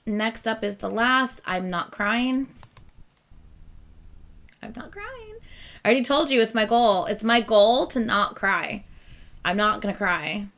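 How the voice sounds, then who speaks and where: A woman's voice: mid-range voice, measured pace, fairly bright tone. A woman hosting a reaction video, talking casually and rambling with lots of fillers, often laughing at herself. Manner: chatty, rambling with many fillers; self-deprecating, laughs often.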